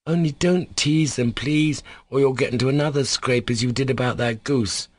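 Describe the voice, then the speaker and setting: A fearful, pleading schoolboy with a thin, high voice, as a man puts him on. He sounds worried and asks to be spared trouble, recorded close and dry. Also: moderate pace, no echo, close to an everyday voice. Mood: nervous. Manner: pleading, nervous. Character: timid anxious schoolboy, fearful of his father.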